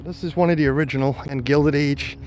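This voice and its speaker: A man's voice: on the high side, fairly even intonation, brisk, darkish tone, slight background noise. Chatty man live-streaming a walking tour. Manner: chatty, talks to viewers while walking. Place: outdoors on a quiet street and mansion grounds. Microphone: phone or camera on a tripod.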